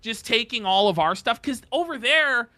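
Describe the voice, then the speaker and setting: Mocking podcast guy ranting about a clip, bright lively voice. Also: very high-pitched, moderate pace, slight background noise. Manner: scornful, mocking. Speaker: podcast co-host. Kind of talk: casual reaction chat.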